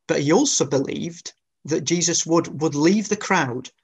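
A man giving an expository Bible talk, earnest and halting, often restarting phrases and asking rhetorical tag questions. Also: a little high, slightly rough.

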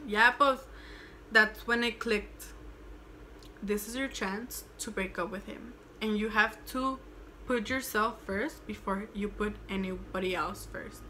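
A woman's voice: medium pitch, fairly even intonation, normal speed, pushed and bright, a little hiss or hum. A young woman, chatting casually and swearing as she tells a storytime. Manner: chatty, swearing, switching into Spanish. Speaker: vlogger.

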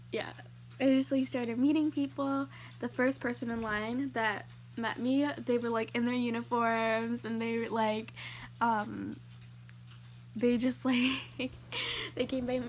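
Young woman vlogging, gushy, lots of "like"s, kinda high voice, faint hum behind. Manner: gushing, many fillers and "like"s. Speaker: YouTuber. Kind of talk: casual vlog rant.

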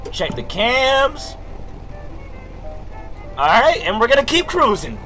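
A young man streaming a game, talking loudly and excitedly in jokey slang, swearing often and reacting out loud. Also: very high-pitched, takes it slowly, pauses often, over music. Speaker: gaming streamer. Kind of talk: live gameplay commentary.

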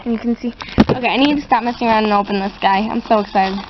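A woman's voice: a little high, steady tone, rapid-fire, background noise. A teenage girl filming an unboxing vlog at home, gushing and squealing with delight, in a slightly muffled home recording. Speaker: vlogger. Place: outdoors at home, later indoors.

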